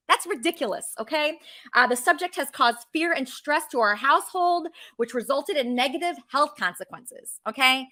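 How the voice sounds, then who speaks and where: A woman's voice: high voice, animated, moderate pace, sharp tone. A woman hosting her own online show, delivering an indignant venting monologue to viewers and often tacking on "okay?". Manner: indignant, frequently adds "okay?". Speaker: show host.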